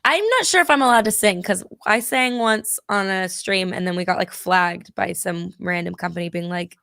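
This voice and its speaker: A woman co-hosting a casual call-in show, hoarse from losing her voice, chatty and reassuring. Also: medium pitch, moderate pace, sharp tone, no echo, studio quality. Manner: chatty, reassuring, laughs often. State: hoarse, recovering from lost voice. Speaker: co-host.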